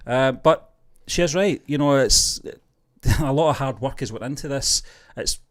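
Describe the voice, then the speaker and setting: A man's voice: mid-range voice, measured pace. A man co-hosting a movie news show, chatting casually and reading news aloud with lots of fillers. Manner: chatty, rambling, with frequent fillers. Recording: online show livestream.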